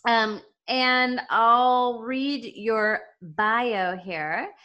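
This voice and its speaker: A woman's voice: on the high side, drawn-out words, bright, forceful tone, smooth, lo-fi sound. A woman in her forties with a Southern US accent, co-hosting a podcast in casual, chatty talk with easy laughs. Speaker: podcast co-host. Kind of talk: casual chat.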